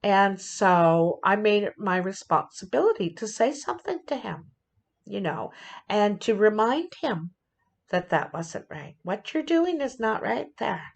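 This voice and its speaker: A woman giving a casual tarot reading in an unhurried, rambling way. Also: mid-range voice, sing-song, gravelly. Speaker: tarot reader.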